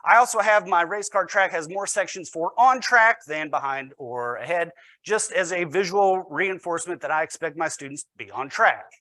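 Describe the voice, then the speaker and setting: A man's voice: sits high, animated, moderate pace, sharp tone, dry recording. A man, a teacher, giving a storytelling presentation with wry, self-deprecating humor.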